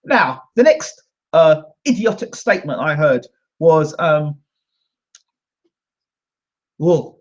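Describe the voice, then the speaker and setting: A man's voice: on the high side, sing-song, a little slow. A British man hosting his own channel, delivering an indignant, combative rant to camera. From Britain. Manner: indignant and combative, repeats himself. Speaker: host. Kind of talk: ranting monologue to camera. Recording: dull lo-fi sound.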